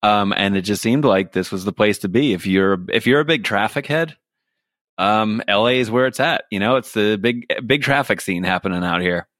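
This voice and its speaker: A man's voice: fairly low pitch, moderate pace, fairly bright tone, dry recording. Male podcast guest from New York, dry close sound, joking and wry. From New York City. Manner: wry, joking, laughs often. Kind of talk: casual interview chat. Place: home in Los Angeles.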